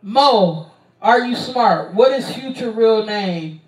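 A woman's voice: on the high side, lively intonation, takes it slowly. Profane woman streamer, roomy and distant. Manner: profane, blunt, hesitant with frequent ums. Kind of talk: casual live-stream Q&A. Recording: roomy sound, distant from mic.

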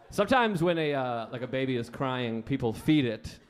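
A man with a mid-range voice and lively intonation, speaking at normal speed, performs a live stand-up set on a comedy club stage. He tells stories casually and often slips into acted-out quotes, with audience laughter and faint room noise in the background.

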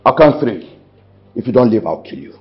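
A man's voice: deep voice, very animated, moderate pace, slight background noise. An actor with a Nigerian accent playing a bitter young prince in a wheelchair who threatens his rival. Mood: threatening. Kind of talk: Nollywood film acting. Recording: dull film audio with music.

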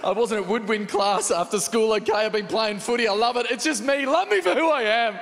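A man's voice: high-pitched, fairly quick, creaky, fairly bright tone, slight background noise, pitched above the performer's own voice. Man putting on an earnest pleading Australian teen boy. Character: emotional teenage boy confessing to his mother. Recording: reverberant live comedy venue.

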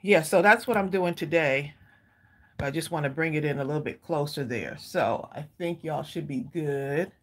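A woman's voice: low-pitched, moderate pace, a little hiss or hum. A woman, chatting casually to viewers as a craft channel host from her home craft room, a little out of breath. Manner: chatty, addresses viewers as y'all. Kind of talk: casual live-stream chat.

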